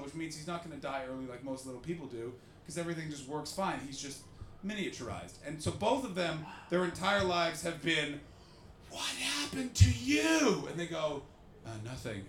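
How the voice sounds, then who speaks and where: Animated bright-voiced man telling stories on stage. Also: fairly high pitch, echoey room, a little hiss or hum. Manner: animated, jokey, acts out the people in his stories. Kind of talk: live podcast storytelling with an audience.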